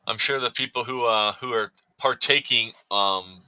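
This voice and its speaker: A man's voice: medium pitch, unhurried, bright, forceful tone, smooth, no room sound, low-quality recording. A man hosting a casual livestream, chatting, reading viewer comments and talking to his cat. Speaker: livestream host.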